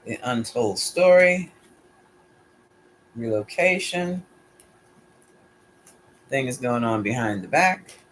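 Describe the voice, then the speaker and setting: A man's voice: medium pitch, lively intonation, slow pace, long pauses, a bit bright, slight background noise. A man giving a casual solo tarot reading, musing aloud and putting questions to his pendulum. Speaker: tarot reader.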